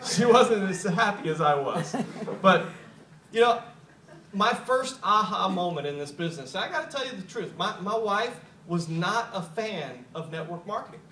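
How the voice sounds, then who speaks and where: Middle-aged man, motivational storyteller, high bright voice, echoey room, mic at a distance. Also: lively intonation, normal speed, slight background noise. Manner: repeats words when starting sentences, chuckles often. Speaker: speaker at a business opportunity meeting.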